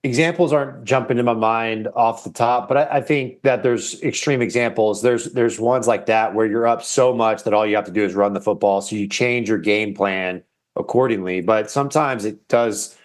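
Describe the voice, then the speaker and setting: A man, a former quarterback, analyzes football on a sports show. His voice sits fairly low, and he explains things in a steady, measured way. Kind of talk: casual sports talk.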